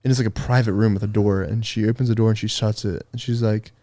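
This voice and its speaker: A man's voice: fairly low pitch, steady tone, fast, mellow, dry recording. A young man on a podcast, laughing sheepishly as he tells an awkward story and saying "dude" a lot. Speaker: podcast co-host. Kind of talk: casual storytelling chat.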